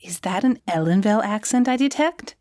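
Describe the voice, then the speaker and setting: A woman voicing a pompous, fawning male courtier in a powdered wig, pitching him high for an audiobook. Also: animated, brisk, darkish tone, no echo, clean studio sound, natural voice.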